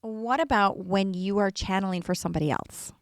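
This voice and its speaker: A woman's voice: mid-range voice, a little fast, no echo, clean studio sound. A woman co-hosting a podcast in casual chat, curious and eager with her questions. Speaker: podcast co-host.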